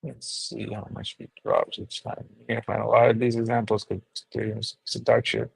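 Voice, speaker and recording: A man's voice: lowish voice, little pitch movement, fairly quick, vocal fry, slightly rough, dry recording, low-quality recording. A man co-hosting a casual chat who walks through trading chart analysis step by step.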